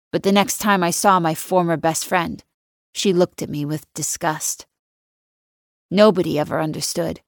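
Female narrator, first-person audiobook; low-ish, cool and controlled, dry close recording. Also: dry recording.

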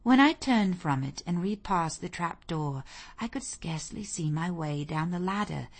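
A woman reading a classic novel aloud in a measured, expressive storytelling manner. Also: on the low side, breathy edge. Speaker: audiobook narrator. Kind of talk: scripted narration of a classic novel.

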